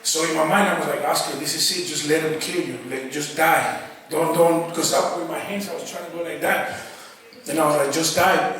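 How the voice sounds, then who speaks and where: High-voiced man testifying in an echoey church. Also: fairly bright tone. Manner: conversational, retells his own inner thoughts as quotes. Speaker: guest speaker giving a testimony. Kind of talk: church testimony, casual storytelling. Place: church sanctuary. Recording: echoey church hall, distant mic. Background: faint congregation calling out responses.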